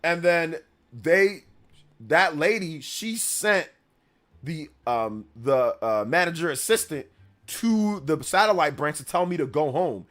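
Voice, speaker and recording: This fairly high-pitched man speaks slowly as he hosts a casual gaming livestream. A gaming news streamer, he tells rambling stories in slangy talk packed with "bro" and "like," getting loud and animated whenever a story takes off.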